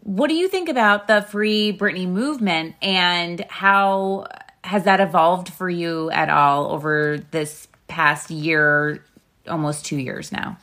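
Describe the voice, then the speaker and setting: A woman in her late thirties hosts a casual podcast interview. Her voice sits a little low, and she gushes with enthusiasm. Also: slow pace, fairly bright tone. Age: late 30s. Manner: enthusiastic, gushing. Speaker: podcast host.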